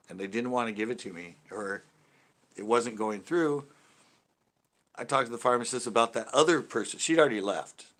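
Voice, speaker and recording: His voice lowish and a bit bright, the host sits on his home porch addressing the live chat. In this casual video, he tells a meandering story, repeatedly starting over and fixing what he said.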